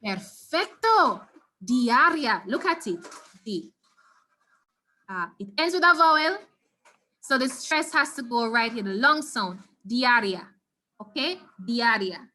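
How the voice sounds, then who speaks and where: A woman with a Jamaican accent teaching a Spanish class over a video call, encouraging her students and slowly repeating key words. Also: a little high, lively intonation, sharp tone.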